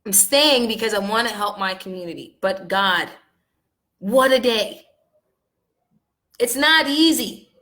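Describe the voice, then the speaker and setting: A woman vlogger talking straight to her viewers in a heated, venting monologue, upset and angry, her voice swinging from loud outbursts to quiet, low lines. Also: normal speed. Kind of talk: casual monologue to camera.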